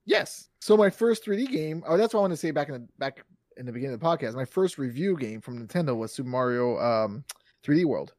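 Casting: 30s male podcast co-host, animated, jumps up high for acted-out quotes, dry close mic. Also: quick pace, no room sound. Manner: animated storyteller, acts out quotes, laughs often. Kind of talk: casual chat.

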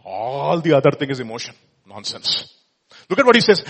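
A man's voice: mid-range voice, lively intonation, fast talker, a bit bright, husky. A man preaching a sermon, asking rhetorical questions and acting out quoted speech with strong emphasis. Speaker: pastor.

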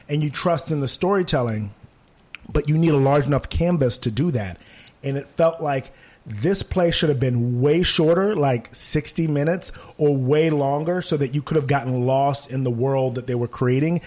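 A man in casual conversation, critiquing a theater production with animated asides. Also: a little high, moderate pace. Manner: animated, mimics voices when quoting. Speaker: theater reviewer.

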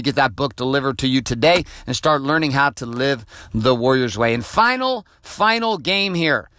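A man's voice: fairly high pitch, bright, forceful tone, no echo. A middle-aged man hosting a motivational podcast from his car, blunt and profane in a coaching tone. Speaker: podcast host.

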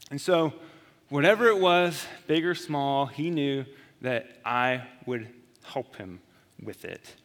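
A man in his thirties, a pastor giving a reflective, earnest sermon with slow, emphatic pauses. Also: on the high side. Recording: long reverb of a large hall.

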